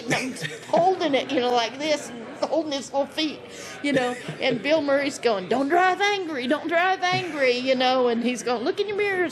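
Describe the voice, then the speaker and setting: A woman storyteller with a slightly raised pitch, animated and quick to laugh as she acts out each scene. She tells a casual anecdote as a podcast guest. Voices from a crowd murmur clearly behind her.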